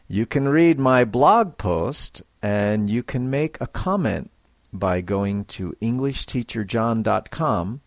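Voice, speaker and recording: A man teaching English in a scripted lesson, speaking clearly and acting out example sentences to show intonation. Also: medium pitch, no echo. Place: Japan.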